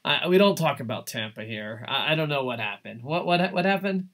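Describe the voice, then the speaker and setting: A man streaming a video game, chatting casually with viewers in an excitable, rambling way, swearing often and poking fun at himself. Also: medium pitch, a little fast. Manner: excitable, rambling, swears a lot, self-mocking. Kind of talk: casual live-stream chat while gaming.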